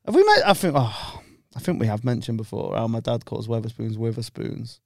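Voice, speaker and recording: A man's voice: mid-range voice, sing-song, a little fast, vocal fry, darkish tone, no room sound, studio quality. A young man, co-hosting a casual podcast, rambling and joking in British slang. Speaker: podcast co-host. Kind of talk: casual chat.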